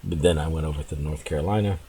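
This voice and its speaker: Very deep-voiced man rambling over gameplay. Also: fast, warm tone, a little hiss or hum. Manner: rambling, chuckling, fillers and restarts. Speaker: gameplay commentator. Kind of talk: casual gameplay commentary.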